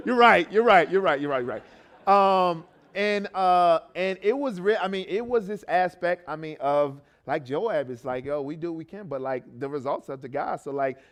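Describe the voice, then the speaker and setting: A man who coaches a youth ministry, giving a sermon testimony in a conversational way, full of restarts and tag questions. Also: mid-range voice. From not from Baltimore. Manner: conversational, many fillers and restarts, frequent "right?".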